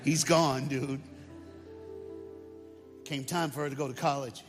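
A man's voice: mid-range voice, fairly even intonation, a little slow. A man preaching as a guest speaker, telling a story in a dramatic, colloquial way. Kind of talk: sermon storytelling. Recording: long hall reverb, faint music.

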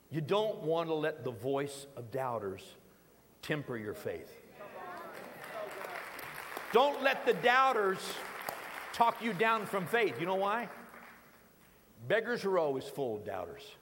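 A man preaching a sermon in a church, dramatic with repeated phrases and sudden hushed drops. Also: a little high, big pitch swings, unhurried, long pauses, in a large hall, a faint crowd, a little hiss or hum. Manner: dramatic, rhythmic repetition, sudden drops to quiet. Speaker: pastor. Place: church sanctuary.

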